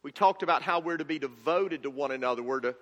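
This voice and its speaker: A man's voice: fairly high pitch, fast, fairly bright tone, long reverb tail. A male pastor preaching a sermon with enthusiastic, folksy humor.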